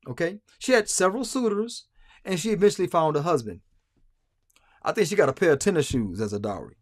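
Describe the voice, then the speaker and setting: A man's voice: on the high side, no room sound, studio quality. A man hosting a livestream, talking emphatically with frequent stammered restarts and repetition. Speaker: livestream host. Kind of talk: casual livestream commentary.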